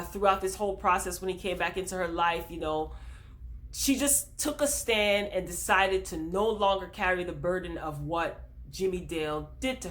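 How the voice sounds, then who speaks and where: A woman host talking straight to her viewers in a casual TV episode recap, retelling scenes with plenty of fillers. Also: mid-range voice. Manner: addresses viewers directly.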